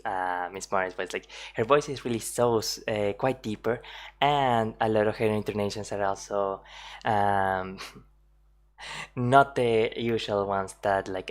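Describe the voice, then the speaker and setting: Female reaction streamer, very low voice, chatty and giggly, casual commentary. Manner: chatty, laughs often, many fillers.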